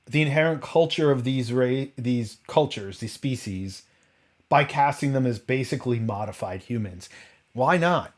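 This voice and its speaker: A man with an everyday middle-pitched voice leads a casual roundtable conversation. He rambles from point to point and asks questions aloud. He often stumbles and corrects himself partway through a sentence. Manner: rambling, full of tangents and rhetorical questions; frequent restarts and self-corrections.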